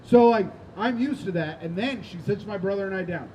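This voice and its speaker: High-voiced young man doing stand-up. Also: a little fast, warm tone, a little hiss or hum, low-quality recording. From United States. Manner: conversational, full of "like" and "right?". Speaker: stand-up comedian. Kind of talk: stand-up comedy set. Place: outdoor rooftop.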